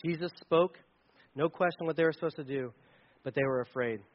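A man preaching a sermon in a conversational, animated way, sometimes shouting for emphasis. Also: fairly high pitch, a little fast, highs cut off. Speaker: pastor.

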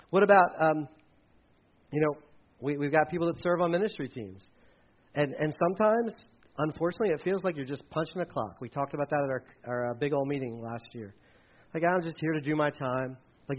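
A man's voice: a little high, slightly rough, dull audio. A man preaching from a church stage with a mic, talking casually and often repeating words. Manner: conversational, repeats words, quick asides. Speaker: pastor. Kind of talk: sermon with children's object lesson. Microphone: handheld or headset mic.

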